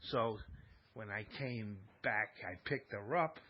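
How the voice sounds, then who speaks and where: A man's voice: on the low side, slow, dull audio, background noise. A man hosting a live talk stream, telling a long personal story in a rambling, repetitive way and acting out both sides of arguments. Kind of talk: casual storytelling monologue.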